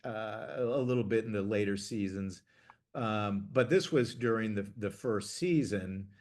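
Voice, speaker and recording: A middle-aged man from Ohio, a TV producer, telling stories in a casual, chatty way, full of fillers and restarts, getting lively when he quotes others. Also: fairly low pitch. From Ohio, USA. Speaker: TV producer interviewee. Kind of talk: casual anecdotal storytelling.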